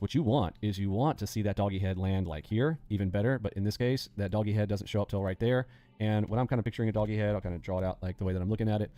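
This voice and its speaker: A man hosting a live day-trading lesson, animated and acting out panicking traders with sound effects as he explains. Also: on the low side. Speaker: day trading instructor and host.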